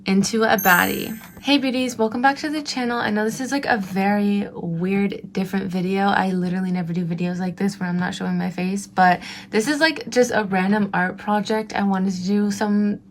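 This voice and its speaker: A woman's voice: mid-range voice, steady tone, moderate pace, few pauses, slight background noise. A young woman vlogger chatting casually with a slight lisp, talking carefully while she heals from having her wisdom teeth out. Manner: slight lisp from healing mouth. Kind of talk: casual chat.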